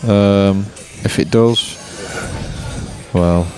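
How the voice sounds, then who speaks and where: A man from England commentating live on a pool match, relaxed and chatty with his co-commentator. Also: fairly low pitch, very slow. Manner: relaxed, chatty, self-mocking.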